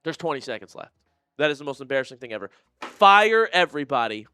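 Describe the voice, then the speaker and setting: A man doing live play-by-play for a fan watch-party stream, swinging between shouted calls and low, disgusted muttering. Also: very animated, fast talker, clean tone, no echo, clean studio sound, soft background music.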